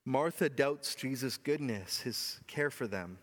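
A man preaching a sermon as pastor, earnest and often dropping to a soft, low voice. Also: lively intonation, a little slow. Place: church hall. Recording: long hall reverb.

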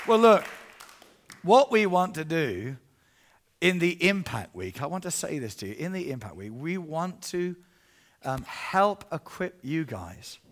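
A middle-aged man preaching as an evangelist, telling a story with animated swings between hushed and loud passages. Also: sits high. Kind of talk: storytelling sermon.

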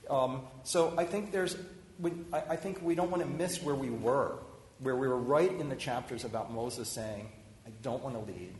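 A rabbi giving an informal, conversational sermon, talking with lively restarts and acted-out quotes. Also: male voice, medium pitch, moderate pace, a little hiss or hum. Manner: conversational, animated, many restarts. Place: synagogue hall. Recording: roomy hall echo, faint ambience.

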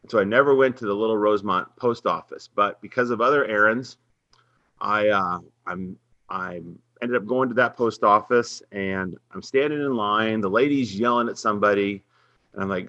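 A man's voice: lowish voice, normal speed, dry recording, highs cut off. A middle-aged man, a basketball coach, telling a personal faith story in an earnest podcast interview. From Minnesota. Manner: earnest, faith-centered storytelling, animated when quoting others. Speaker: head women's basketball coach, guest.

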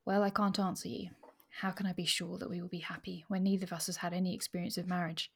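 A woman reading aloud as a blunt, ardent middle-aged male suitor, in a hushed low-key voice. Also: little pitch movement, fast talker, vocal fry, slightly rough.

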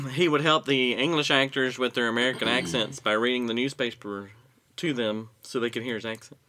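A man recounting a story in an easygoing, conversational way. His voice sounds bright and forward, and he clears his throat now and then as he goes. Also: medium pitch, moderate pace. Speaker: podcast co-host telling a story. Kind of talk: casual chat.

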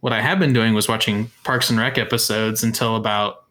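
A young man with a bright, forward voice chats on a podcast with friends. He rambles through his day with fillers and small laughs, in an easy, unhurried way. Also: on the low side, steady tone. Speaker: podcast co-host. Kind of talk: casual chat.

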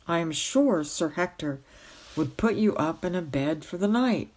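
A woman voicing a calm, crafty young boy who speaks quietly and persuasively. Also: lowish voice, measured pace.

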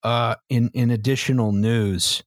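A man's voice: mid-range voice, fairly even intonation, a little slow, no room sound. Young male podcast host, dry and laid-back, dry close sound. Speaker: podcast host reading news items. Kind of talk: casual news-recap banter.

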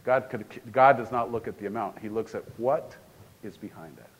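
A man's voice: on the low side, normal speed, slightly rough. A man preaching a sermon in a church in a casual, conversational way, often repeating and restarting phrases. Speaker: pastor.

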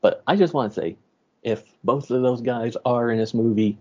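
Laughing podcast host, dark husky voice. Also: male voice, mid-range voice, normal speed. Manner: laughs often, loose and joking. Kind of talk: casual chat. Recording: dull lo-fi podcast audio.

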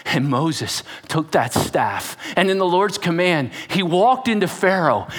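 Lively, dramatic male preacher. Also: sits high, unhurried, hardly any pauses, husky. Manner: dramatic storytelling, acting out voices; shifts between whispers and loud outbursts. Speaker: pastor. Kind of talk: sermon.

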